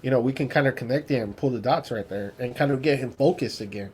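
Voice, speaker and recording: A man's voice: mid-range voice, fast, a little mellow, slight background noise. A man co-hosting a comic book podcast, retelling scenes with acted-out quotes, laughing often and swearing freely. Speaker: podcast co-host. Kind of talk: casual comic book review chat.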